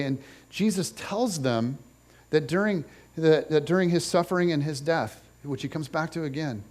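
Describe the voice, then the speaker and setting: Animated man preaching a sermon. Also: fairly high pitch. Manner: animated storytelling, acts out voices. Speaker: pastor.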